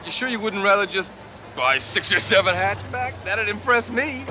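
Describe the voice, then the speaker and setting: A man's voice: high voice, moderate pace, over music, lightly acted. An actor playing a chummy, folksy car salesman who is eager to please.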